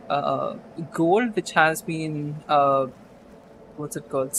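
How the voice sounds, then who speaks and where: A man's voice: a little high, slight background noise, low-quality recording. A man narrating a tabletop game as game master, casual and rambling with fillers.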